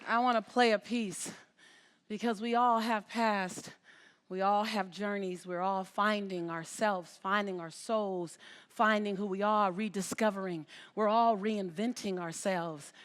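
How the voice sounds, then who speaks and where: On stage before a live audience, a woman motivational speaker gives an inspirational talk in a mid-range voice with a steady tone and measured pace. She speaks emphatically, repeating her phrases and calling out to the crowd.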